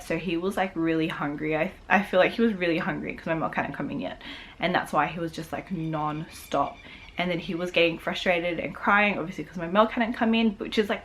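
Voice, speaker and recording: Rambling young woman vlogger, low voice. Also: fairly bright tone. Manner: rambling, emotional, heavy filler "like". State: tearful. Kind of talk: casual chat.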